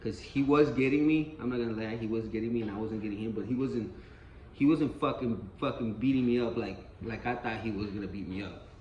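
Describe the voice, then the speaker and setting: A man's voice: fairly low pitch, brisk, darkish tone, lo-fi sound, slight background noise. A man telling a street story in a casual, rambling and profane way, often repeating himself. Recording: roomy echo, faint ambience.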